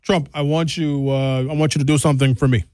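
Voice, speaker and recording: A man voices a foreign leader who pushes and dares, slow and insistent in his own voice. The sound is dry and close. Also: fairly high pitch, fairly even intonation, darkish tone, no echo, natural voice. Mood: goading. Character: impression of a pushy foreign male leader.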